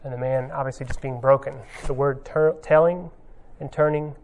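A man's voice: medium pitch, steady tone, normal speed, gravelly, a little mellow, slight background noise. A man giving an informal sermon, talking conversationally with many ums and uhs as he retells a scene. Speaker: pastor.

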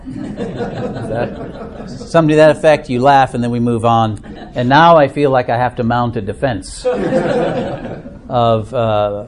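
A middle-aged man with an Upper Midwest American accent talks to a small group in a meeting room. His voice sits at an ordinary mid pitch, and his manner is casual and self-deprecating, with plenty of ums and uhs. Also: slight background noise. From Minnesota. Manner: chatty and self-deprecating, many fillers. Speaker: church discussion leader. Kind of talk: informal talk to a small group.

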